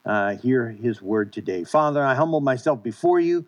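A man's voice: medium pitch, animated, moderate pace. A male pastor preaching and praying a sermon in an earnest way, with many restarts and repeated words.

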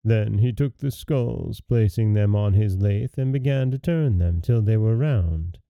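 Male storyteller host, gravelly mid-pitched voice, dry close mic, dull audio, faint music. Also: unhurried, warm tone, no room sound. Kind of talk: scripted storybook narration.

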